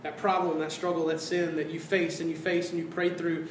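A man preaching a sermon as pastor, animated, acting out quoted voices and dropping to hushed tones. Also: fairly high pitch, brisk, a little hiss or hum. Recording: roomy sound from a distance.

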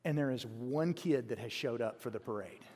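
A man preaching a sermon, telling a story in a folksy, animated way with frequent restarts, in a church sanctuary. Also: mid-range voice, normal speed. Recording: long hall reverb.

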